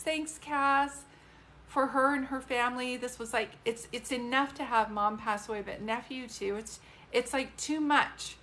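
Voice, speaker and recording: A woman's voice: on the high side, a bit bright, slight background noise. Emotional woman giving a live reading. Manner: emotional, gushing, talks straight to viewers by name. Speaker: psychic medium.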